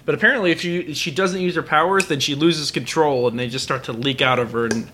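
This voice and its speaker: A man's voice: fairly high pitch, quick pace, sharp tone. A drunk man on a podcast casually recapping an anime, rambling with lots of fillers and restarts. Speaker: podcast co-host.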